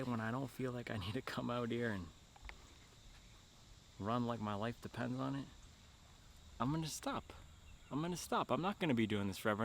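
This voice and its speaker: A man talking casually to camera on a long outdoor run, animated and laughing often, a bit out of breath. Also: medium pitch, slight background noise. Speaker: running vlogger. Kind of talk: casual vlog talk.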